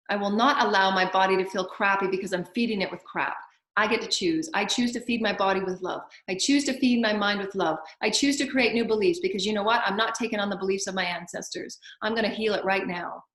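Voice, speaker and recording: A woman spiritual healer giving an inspirational talk, chanting repetitive affirmations that swing from hushed to loud, fervent bursts. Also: medium pitch. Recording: roomy echo.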